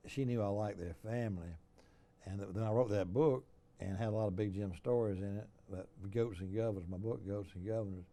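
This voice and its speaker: A man's voice: lowish voice, warm tone. An older man with an Alabama Southern accent, hosting a casual interview and telling folksy stories. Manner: folksy storyteller. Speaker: host.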